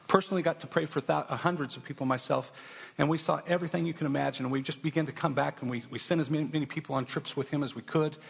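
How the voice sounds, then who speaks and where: A man preaching a sermon in a church, telling stories with lots of restarts and growing excitement. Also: mid-range voice, vocal fry, slightly rough. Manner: animated storyteller, repeats words when starting sentences. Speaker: pastor. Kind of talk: sermon storytelling. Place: church sanctuary. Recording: echoey hall.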